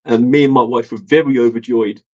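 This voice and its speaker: A man hosting a casual livestream, rambling with lots of ums and soft laughs. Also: medium pitch, highs cut off. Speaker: livestream host. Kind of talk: casual livestream chat reading viewer comments.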